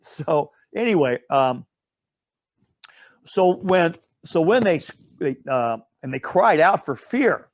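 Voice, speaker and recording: A man's voice: on the high side, lively intonation, slow pace, no room sound. A man leading a casual Bible study. He retells a story in a rambling way, with asides and self-corrections, and often checks in with "all right?".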